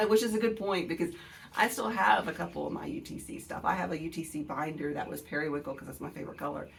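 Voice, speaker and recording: A woman's voice: sits low, steady tone, quick pace, creaky, distant mic, a little hiss or hum. A woman in her forties with an Alabama accent, hosting a casual book video; she rambles, digresses and swears freely while talking straight to her viewers.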